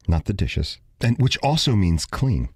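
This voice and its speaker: A man's voice: fairly low pitch, unhurried, breathy edge, no echo, studio quality. A man with a Brooklyn accent hosting a radio talk show, chatting casually in a joking, playful way. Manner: joking, animated, playful teasing. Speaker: radio host, salon owner.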